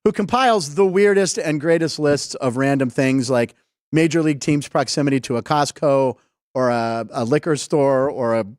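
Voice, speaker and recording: A man's voice: medium pitch, moderate pace, no echo, studio quality. A man hosting a casual sports comedy show, chatty and jumping between topics, laughing often. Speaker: host. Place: live studio show.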